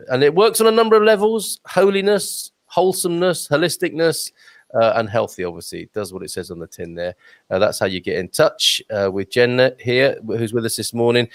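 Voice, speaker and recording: A man's voice: mid-range voice, no room sound. A male host chatting casually on a live show, upbeat, with lots of fillers and restarts as he reads out viewer comments. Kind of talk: casual live-stream chat.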